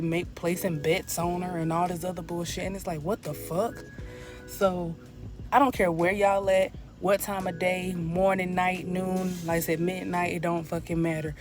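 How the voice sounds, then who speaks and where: A woman vlogging from her parked car in a loose, rambling way, with a habit of repeating "like I said.". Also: lowish voice. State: out of breath. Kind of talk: casual talk to camera.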